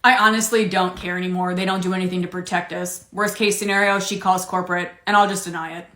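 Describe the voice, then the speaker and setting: A woman's voice: lowish voice, level tone, fast, sharp tone, pitched below the performer's own voice. Woman as a fed-up, firm cashier. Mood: dry. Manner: polite but firm, dry and unbothered. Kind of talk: comedy skit. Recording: roomy echo.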